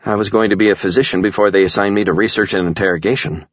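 A man voicing a desperate, educated woman scientist, speaking a little higher and with a pleading tone. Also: steady tone, very fast, no room sound, muffled recording, close to an everyday voice. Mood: hopeful.

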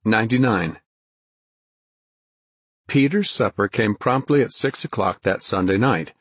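A man narrating a novel as an audiobook, in a measured, even storytelling way. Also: on the low side, breathy edge, no echo. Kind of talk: scripted narration.

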